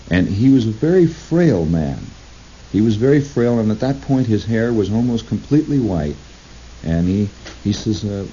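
A man's voice: fairly low pitch, animated, dark tone. Man telling a rambling radio story. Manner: digressive, halting, with restarts and acted-out quotes. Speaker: radio broadcaster. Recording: lo-fi recording with faint hiss.

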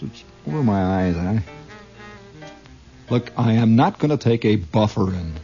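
A middle-aged man performs one side of a conversation as a comedy monologue, argumentative and restless, with lots of stammered restarts and chuckles. His voice is warm and mellow and swings widely in pitch. The sound is a dull, lo-fi vintage record with faint guitar music behind him. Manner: chuckles often at his own lines.

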